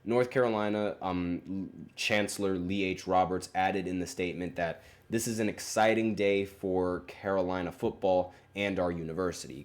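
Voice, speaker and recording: A man hosting a sports podcast, talking casually and rambling, with many fillers and self-corrections. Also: sits low. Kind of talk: casual solo sports commentary.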